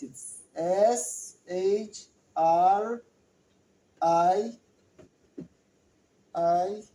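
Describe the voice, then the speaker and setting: Patient online teacher for small children: unhurried, drills vocabulary over and over, lots of praise. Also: medium pitch, a little mellow, rough recording. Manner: patient, repeats and spells out words; encouraging, asks questions and praises. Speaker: English teacher for young children. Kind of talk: online lesson for young learners.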